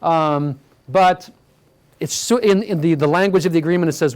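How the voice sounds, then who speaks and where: In a community hall, a man with a slightly high, darkish voice speaks at normal speed while presenting slides. His public talk is relaxed and conversational, full of fillers and "all right?" check-ins with the audience.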